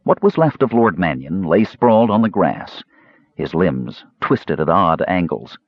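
A man reading a fantasy novel aloud as an expressive audiobook narrator. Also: low-pitched, measured pace, no room sound. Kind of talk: scripted narration. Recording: slightly muffled dry recording.

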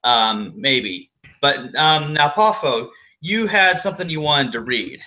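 Very bright-voiced podcast host. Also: male voice, mid-range voice, slow pace, lo-fi sound. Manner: relaxed, hesitant, many fillers. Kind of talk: casual podcast intro.

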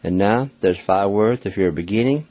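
An older man giving a slow, patient radio pronunciation lesson, spelling each word letter by letter and repeating it. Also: on the low side, dark tone, no echo. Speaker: radio language teacher. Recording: dull lo-fi radio sound.

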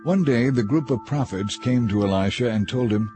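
A man reading a scripture story aloud in a measured, even narrating manner. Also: medium pitch, soft background music. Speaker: audiobook reader.

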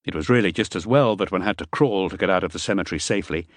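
A man narrating a first-person adventure novel as an audiobook, measured and steady. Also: sits low, no echo, studio quality.

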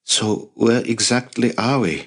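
A man's voice: medium pitch, steady tone, measured pace, fairly bright tone, husky, voice pushed up. A man reading an audiobook, voicing an anxious, frightened teenage boy who keeps asking questions. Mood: whispered questions.

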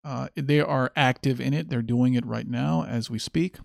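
A man's voice: mid-range voice, moderate pace, creaky, dry recording, clean studio sound. A man hosting a podcast monologue, talking in a sardonic, mocking way. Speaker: podcast host. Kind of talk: monologue commentary.

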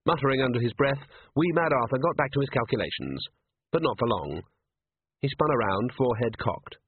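Male audiobook narrator, measured and dry, husky voice, tinny narrow-band sound. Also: medium pitch, lively intonation, no echo. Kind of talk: scripted narration.

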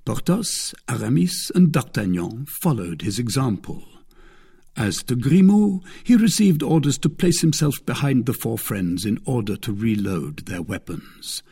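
Gravelly, husky male storyteller. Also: mid-range voice, animated, measured pace, warm tone. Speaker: audiobook reader. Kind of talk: scripted narration.

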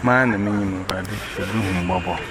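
A man's voice: sits low, moderate pace. A man telling a rambling story, repeating words as he goes. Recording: noisy recording.

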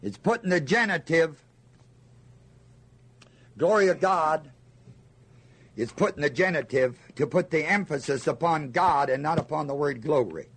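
A man's voice: a little high, expressive, measured pace, pauses often, a bit bright, breathy edge. An older man teaching a Bible lesson to a listening group, asking them questions and answering himself with emphasis. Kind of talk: sermon teaching.

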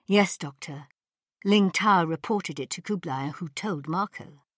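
一位女士演绎的认真的年轻男伙伴. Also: female voice, fairly low pitch, unhurried, fairly bright tone, no room sound, studio quality. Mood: earnest.

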